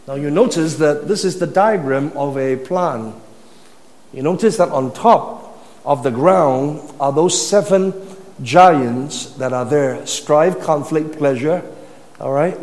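Male preacher, high voice, teaching sermon style with questions to the congregation; reverberant hall sound. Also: a little mellow. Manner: teaching, rhetorical questions to listeners, repeats words.

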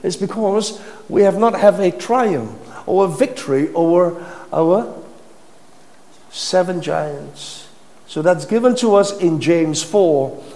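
In a hall with long reverb, a man preaches an instructive sermon, his voice high, animated and dark in tone as he takes his time. He keeps asking the congregation questions and repeating words to drive his points home.

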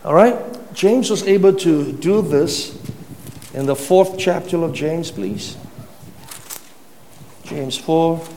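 High-voiced man preaching in a reverberant hall. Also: takes it slowly, long pauses, mellow, a little hiss or hum. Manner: teaching, rhetorical questions to listeners, repeats words. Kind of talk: sermon.

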